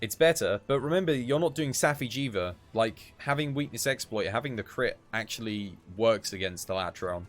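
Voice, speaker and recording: A man's voice: mid-range voice, animated, normal speed, few pauses, faint music behind. A tired man, chatting casually while live-streaming a game and giving gear advice. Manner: chatty, laid-back, gives gear advice.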